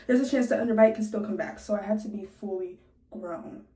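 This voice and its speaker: The recording, made from a distant mic in an echoey room with a noisy background, catches a young woman of 19 with a mid-range voice. She's a vlogger casually recounting a story to her audience, laughing often and chatty despite a jaw sore from recent surgery.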